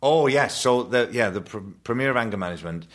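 A man's voice: mid-range voice, quick pace. A man telling stories in casual chat and slipping into voices. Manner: animated storyteller, does voices.

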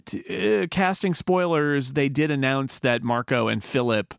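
Man, podcast host, gravelly voice, casual excited chat, dry close sound. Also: mid-range voice, measured pace, dry recording. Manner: enthusiastic, lots of fillers and restarts.

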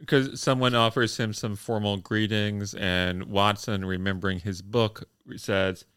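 A man co-hosting a casual movie commentary podcast, joking playfully and acting out scenes in a deadpan way. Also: on the low side, a little slow, few pauses, smooth, no echo, studio quality. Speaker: podcast co-host.

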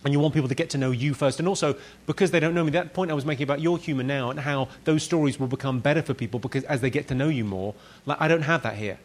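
A man's voice: on the high side, rapid-fire, few pauses. A middle-aged British man, a comedian chatting as a podcast guest in a wry, self-mocking way. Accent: British English. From United Kingdom. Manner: wry, self-mocking, laughs at his own lines. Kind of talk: casual podcast chat.

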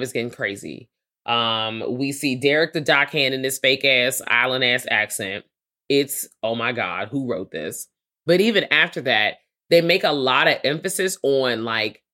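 A woman's voice: sits low, fairly bright tone. A woman co-hosting a movie podcast, talking bluntly and profanely in casual chat. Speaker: podcast co-host.

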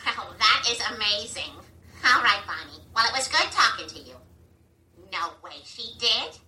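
Cartoon mom, gossipy phone chatter, high voice, very bright, echoey, far from mic. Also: female voice, expressive, normal speed. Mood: gabbing. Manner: gushing, talkative, breezy. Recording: cartoon audio played in a room, roomy and distant.

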